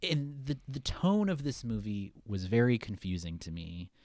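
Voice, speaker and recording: Close to the mic in a dry, deadened space with no echo, a young podcast co-host with a fairly low voice talks loosely about a movie at normal speed. His relaxed, rambling chat is full of "like" and "um."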